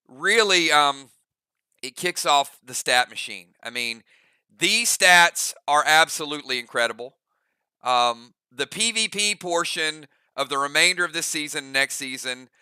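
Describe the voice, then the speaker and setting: An excited man hosting a gaming channel. He speaks in a very bright, high, smooth voice, laughing often and stumbling over fillers. The recording is dry and close. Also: no echo. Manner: excited, laughs easily, many fillers and restarts. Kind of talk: casual chat.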